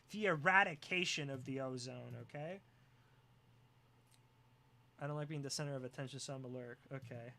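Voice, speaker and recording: Streamer joking around w chat, laughs a lot, bright voice, sometimes yells into the mic. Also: mid-range voice, normal speed. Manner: joking and teasing, often laughing, sometimes yelling. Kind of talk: casual live-stream chat reacting to viewers.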